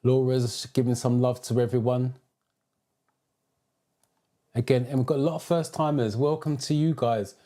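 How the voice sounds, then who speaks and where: A man's voice: medium pitch, fairly even intonation, normal speed, long pauses, dark tone. A British man who teaches driving theory, hosting a live stream: he greets viewers by name, reads out their comments and gives advice.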